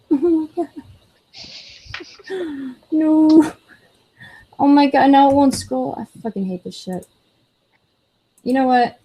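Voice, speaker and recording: A woman's voice: sits high, highs cut off, a little hiss or hum. A woman co-hosting a casual chat, exasperated and swearing while she scrolls for a comment. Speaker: co-host.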